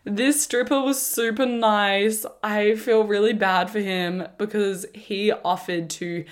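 A woman, telling a story on her podcast in a casual, animated way, swearing freely and laughing as she goes. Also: medium pitch, slow pace, hardly any pauses. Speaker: podcast host.

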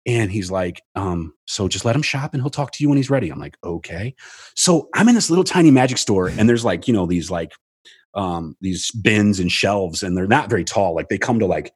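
A guest storyteller spins a long anecdote in casual chat, his voice a little fast and slightly rough. He's animated, acting out quotes with big jumps in pitch and swearing freely. The recording is dry and studio quality.

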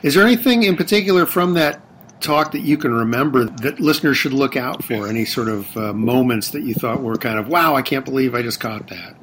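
A man interviewing a podcast guest in a relaxed, chatty way, with plenty of "uh" fillers. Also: mid-range voice, fairly quick, slight background noise. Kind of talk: casual interview chat.

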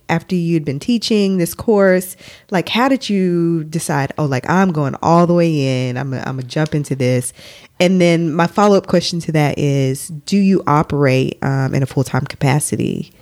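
A woman co-hosting a podcast, chatting casually and asking the guest questions. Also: sits low. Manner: relaxed, chatty, asks questions. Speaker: podcast co-host.

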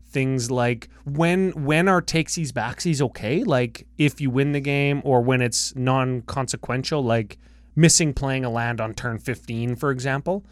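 A man's voice: medium pitch, measured pace, clear, resonant tone, dry recording. A man co-hosting a podcast, chatting casually and cracking crude jokes. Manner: jokey, crude, lively banter. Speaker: podcast co-host. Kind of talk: casual chat.

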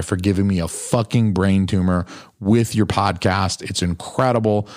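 Foul-mouthed, low-voiced man rambling on a podcast. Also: darkish tone, no echo, studio quality. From New Hampshire. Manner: crude, blunt, swears constantly, rambling. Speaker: podcast host. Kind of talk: profane casual monologue.

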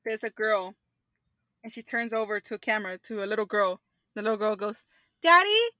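A woman co-hosting a podcast, calmly giving quiz hints in a low-key way. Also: fairly quick, no room sound. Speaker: podcast co-host, quiz master. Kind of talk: casual chat.

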